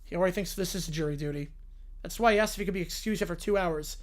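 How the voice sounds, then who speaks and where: A woman's voice: lowish voice, fast. A woman hosting a live stream, giving casual reaction commentary with sarcastic joking asides. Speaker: livestream host.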